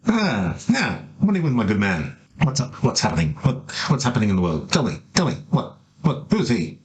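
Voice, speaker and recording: A man voicing an excitable male cleric who fires off eager, repeated questions. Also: fairly low pitch, fairly quick.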